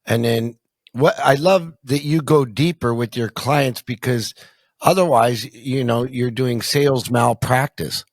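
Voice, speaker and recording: A man's voice: mid-range voice, unhurried, no room sound. A man hosting a podcast, asking questions in a conversational way and ending his points with "right?". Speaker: podcast host. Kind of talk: interviewing.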